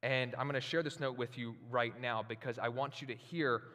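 A man preaching a sermon as pastor, moving from relaxed storytelling to loud, slow, emphatic passages. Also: medium pitch. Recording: long hall reverb.

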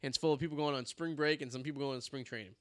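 A man's voice: mid-range voice, fairly even intonation, racing, no echo, studio quality. A man in his thirties co-hosting a casual podcast, rambling through stories with crude jokes and frequent laughs. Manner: rambling, joking storyteller. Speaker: podcast co-host. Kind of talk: casual chat.

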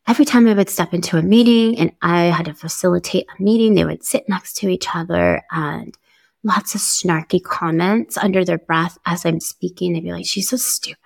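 A woman's voice: on the low side, creaky, no echo. A woman hosting a podcast, telling her own story in a candid, conversational way, upbeat and easygoing with small laughs. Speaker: podcast host. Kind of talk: personal storytelling monologue.

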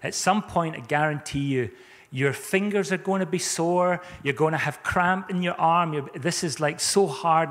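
Male pastor, relaxed chatty sermon, slightly high voice, echoing church hall. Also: moderate pace. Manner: conversational, chatty preaching with rhetorical questions.

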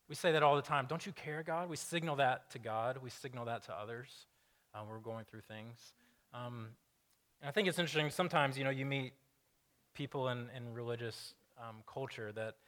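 A man preaching a conversational sermon, casual and animated, asking the congregation questions and acting out the voices he quotes. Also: medium pitch. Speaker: pastor.

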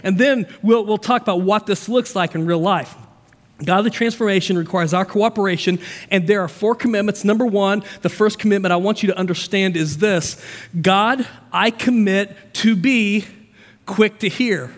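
A man preaching a sermon as pastor, energetic and conversational, with asides and frequent restarts. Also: high-pitched, normal speed. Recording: long hall reverb.

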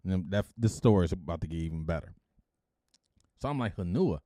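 A man's voice: low-pitched, quick pace, mellow, dry recording. A middle-aged man from Detroit hosting a podcast, telling a story casually and with energy, acting out the people he quotes and adding blunt slangy asides. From Detroit, USA. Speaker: podcast host.

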